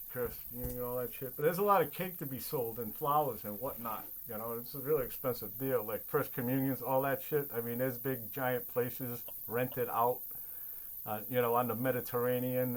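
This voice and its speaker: A man's voice: medium pitch, low-quality recording. A man in casual podcast talk, rambling and peppering his speech with filler and swearing. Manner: rambling, peppers talk with "you know" and "all that shit". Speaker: podcast co-host. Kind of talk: casual chat.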